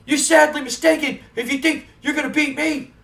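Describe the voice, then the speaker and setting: A man putting on the voice of a brawny, arrogant tag team wrestler who shouts boastful trash talk. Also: very high voice, fairly even intonation, fairly quick, creaky, recorded from a distance, pitched above the performer's own voice, heavily acted.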